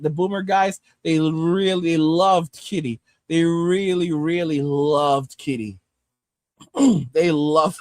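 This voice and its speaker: A man's voice: fairly high pitch, darkish tone, no room sound. A man hosting a livestream, ranting bluntly and with heavy swearing, then reading out and answering viewer comments from his home desktop setup on a studio microphone. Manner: blunt, heavily profane, heated. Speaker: livestream host.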